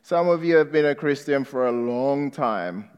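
A male preacher delivering a sermon, quizzing the congregation with emphatic questions and dropping to a hushed tone for appeals. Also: mid-range voice, animated, moderate pace, clear, resonant tone, highs cut off. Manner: drops to a hushed, reflective tone for appeals. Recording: long reverb of a large hall.

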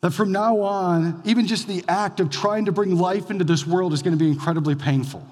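A male pastor delivers a conversational sermon from a church sanctuary, his voice sitting a little high for a man. He swings between loud, emphatic bursts and quiet, low drops. A long reverb from the hall trails every line. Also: a little fast.

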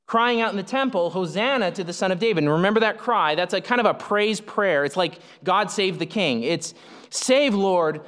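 A man preaching a sermon as pastor, animated, acting out the people in the passage he explains. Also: fairly high pitch. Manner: animated, acts out the speakers in the passage. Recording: long hall reverb.

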